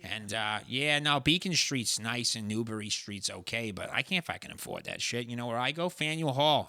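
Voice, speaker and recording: A man's voice: fairly low pitch, bright, forceful tone, dry recording. Man doing a cocky Boston townie, put-on accent, profane rant, dry close sound. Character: brash broke local man from Boston.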